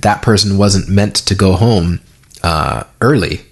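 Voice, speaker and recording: A man's voice: low-pitched, unhurried, husky. A man hosting a podcast, chatting loosely and rambling with lots of fillers. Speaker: podcast host. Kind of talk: casual conversation.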